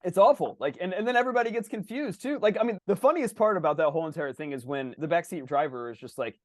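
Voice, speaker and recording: A man hosting a podcast in a casual book discussion, animated and swearing freely. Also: on the high side, quick pace, no echo, clean studio sound. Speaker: podcast host.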